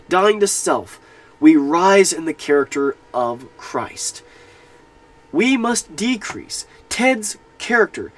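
Husky, lively man analyzing a film. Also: on the high side, rough recording. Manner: earnest and reflective, retelling scenes. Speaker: film commentator.

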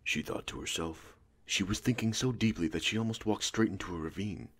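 A man giving steady, scripted audiobook narration. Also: on the low side, brisk, breathy edge. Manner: steady storytelling.

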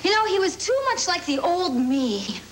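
A woman's voice: very high voice, very animated, moderate pace, heavy background noise. An actress playing a former womanizer reborn as a frightened young woman, pleading and tearful by turns with wry jokes, in 1980s sitcom style. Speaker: sitcom lead. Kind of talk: 1980s television sitcom acting.

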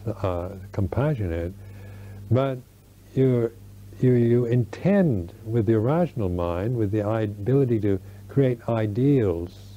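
An older American man, a Buddhist monk, giving a slow Dharma talk at a retreat, searching for words with many restarts. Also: lowish voice, animated. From United States. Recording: dull lo-fi 1991 recording.

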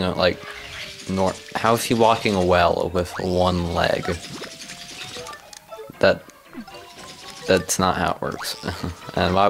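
A goofy man chats his way through a video game, cracking jokes and reading the on-screen text aloud. His voice sits low, and faint game music runs underneath. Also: gravelly. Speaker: let's play host. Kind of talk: casual gameplay commentary.

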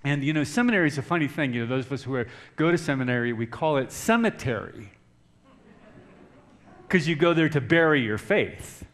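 Animated and fairly quick, a middle-aged pastor with a mid-range voice tells a personal story in his sermon. His volume rises and falls from hushed softness to loud shouting.

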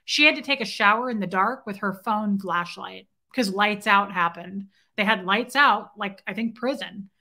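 An outspoken woman tells a story straight to camera in a bright, forceful voice. She talks indignantly, swears casually and keeps asking her viewers "right?" as she rambles along. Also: medium pitch, moderate pace, few pauses. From grew up in Scientology. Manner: rambling, loops back with "okay?" and "right?". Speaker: vlogger telling a personal story.

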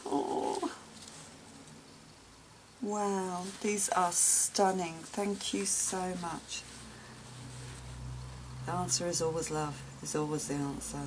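A woman's voice: lowish voice, background noise. A woman chatting at home while opening gifts, gushing, gasping and exclaiming often. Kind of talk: casual unboxing chat.

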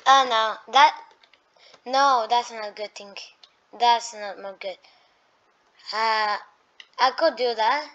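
A woman doing excitable let's-play gameplay commentary, talking to the enemies and breaking into sudden shrieks of alarm. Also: on the high side, slow, pauses often. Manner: talks to enemies as she plays. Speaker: gaming YouTuber. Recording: dull lo-fi mic.

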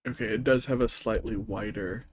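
A man's voice: fairly low pitch, fairly even intonation, moderate pace, dry recording. A young man streaming a game, making wry, self-mocking asides to his chat in casual commentary.

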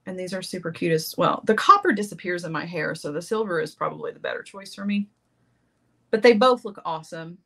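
A woman's voice: lowish voice, a little fast, a bit bright. A middle-aged woman hosting a jewelry-making livestream, chatting casually, reading viewer comments and laughing often.

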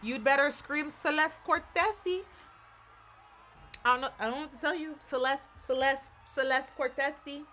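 A woman's voice: high-pitched, normal speed, pushed and bright, a little hiss or hum. A woman giving emphatic, sassy live reaction commentary who repeats her words. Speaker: pageant reactor.

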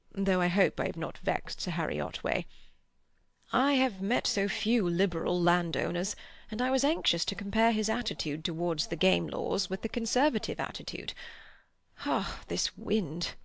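A woman voicing an earnest, lecturing old man in an audiobook, with a gravelly tone. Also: on the low side, no echo.

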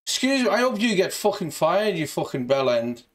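A man's voice: sits high, big pitch swings, moderate pace, over a noisy crowd. A man with a Liverpool accent on a prank call to a scammer, brash, mock-tough and swearing freely. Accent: Liverpool (Scouse). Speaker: scambaiter.

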